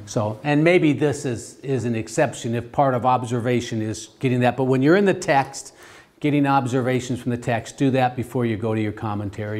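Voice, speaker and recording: A man teaching a theology class, talking in a halting way with many restarts and fillers and asking the class questions. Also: mid-range voice, steady tone, a little mellow. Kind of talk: classroom lecture.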